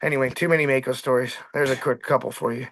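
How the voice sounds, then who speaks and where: A middle-aged man, a fishing boat captain, telling animated stories in casual chat and acting out shouts and quotes. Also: mid-range voice, fast talker, gravelly. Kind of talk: casual storytelling on a podcast.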